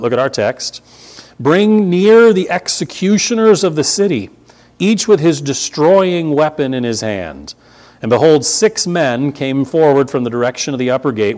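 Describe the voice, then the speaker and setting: A man's voice: medium pitch, a little mellow. A man, preaching a conversational sermon with emphatic repetition. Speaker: pastor.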